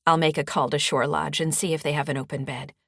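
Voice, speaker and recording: A woman doing a calm, matter-of-fact doctor. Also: low-pitched, fast talker, dry recording, studio quality.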